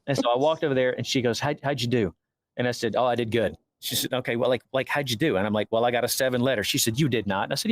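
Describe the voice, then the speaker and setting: Fast-talking man telling backstage stories. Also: medium pitch, no echo. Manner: animated, acts out quoted dialogue. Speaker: actor guest. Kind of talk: casual storytelling interview.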